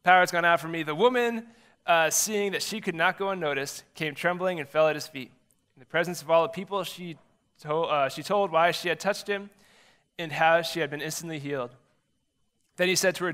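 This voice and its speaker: A man's voice: a little high, bright, forceful tone. A man, a middle school pastor giving a casual, chatty sermon and acting out little quotes as he tells the story.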